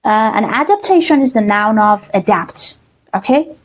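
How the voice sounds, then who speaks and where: A woman English teacher with a Persian accent, explaining exam reading answers slowly, with many fillers and a checking "okay?". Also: on the high side, lively intonation. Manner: slow, many fillers, repeats words with "okay?". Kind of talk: online exam-prep lesson.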